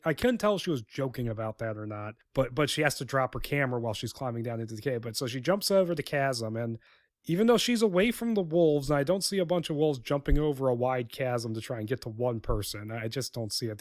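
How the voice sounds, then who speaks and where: A man talks through a film script on his podcast, sarcastic and rambling, often stopping to restart his sentences. His voice sits in a middle pitch. The sound is dry and close to the microphone. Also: dry recording. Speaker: podcast host. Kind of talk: casual spoken film script review.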